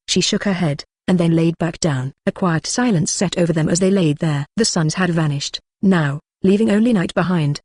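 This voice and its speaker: An audiobook narrator reading a fantasy romance in a steady, even voice. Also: mid-range voice, normal speed, hardly any pauses, dry recording. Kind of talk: steady read-aloud narration.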